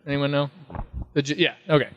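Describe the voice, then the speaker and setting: A man's voice: fairly high pitch, flat delivery, a little fast, highs cut off, background noise. A man telling rambling, funny anecdotes in a casual Q&A at a fan convention. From Texas. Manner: rambling storyteller, slips into impressions and laughs. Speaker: convention panel guest.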